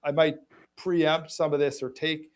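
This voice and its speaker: A middle-aged man hosting a personal conversation, speaking haltingly with many restarts. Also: fairly high pitch, flat delivery, a crowd in the background. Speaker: host.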